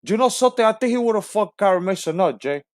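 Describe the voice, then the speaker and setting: A swaggering Cuban gangster, as a man puts him on taunts and brags in a raised, jeering voice, closing each phrase with a sneering "man". The sound is dry and close, with no room around it. He stays loud and crude, as if settling a score. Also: high-pitched, animated, fast talker, no room sound, voice pushed up. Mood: boastful. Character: swaggering foul-mouthed male Cuban gangster.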